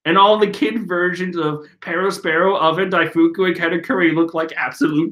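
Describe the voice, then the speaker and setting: A man's voice: high voice, fairly even intonation, brisk, hardly any pauses, a bit bright. A man reading a comic aloud on a live stream, reacting with laughter and exasperated rants. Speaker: host. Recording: roomy echoey room.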